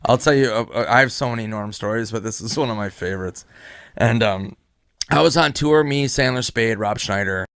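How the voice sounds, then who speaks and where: A man's voice: fairly low pitch, brisk, a bit bright, smooth, no echo, clean studio sound. A comedian in his thirties telling a loose, profane anecdote in casual chat. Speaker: stand-up comedian. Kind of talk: casual storytelling on a podcast.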